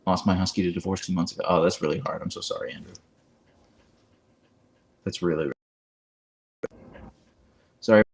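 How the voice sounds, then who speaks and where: Speaking at a normal speed with long pauses, this livestream host has a low voice with vocal fry and fairly even intonation. He chats casually from his phone and reads out viewer comments, using a clip-on mic.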